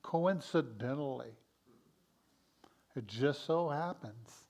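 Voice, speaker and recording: Slow, gentle male minister. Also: mid-range voice, lively intonation, creaky. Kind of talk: sermon. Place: church sanctuary.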